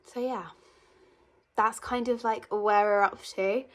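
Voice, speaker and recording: A woman's voice: medium pitch, fairly even intonation, slow pace. A young woman in her twenties telling a personal story in a casual vlog, chatty and emotional, with lots of fillers. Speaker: vlogger.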